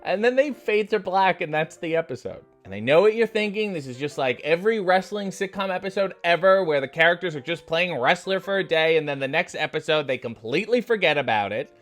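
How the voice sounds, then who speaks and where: Sarcastic man recapping with lively pitch. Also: fairly quick, hardly any pauses, soft background music. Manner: deadpan, profane, jokey asides. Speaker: comedy wrestling recap host.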